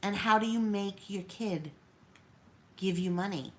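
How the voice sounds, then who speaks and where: A woman's voice: medium pitch, a little slow. A woman in her fifties venting in a personal vlog, rambling and hurt as she talks through her troubles. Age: 50s. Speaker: vlogger.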